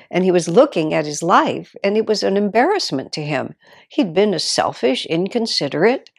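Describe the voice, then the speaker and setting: A woman spiritual teacher giving an informal talk, conversational and gently humorous, often breaking into laughter. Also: on the low side, gravelly.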